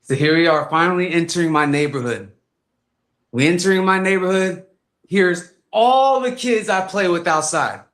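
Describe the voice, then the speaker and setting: A man, a fighter and guest, telling comic stories in a lively way and acting out voices. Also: sits high, moderate pace, echoey room. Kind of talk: animated storytelling on a podcast.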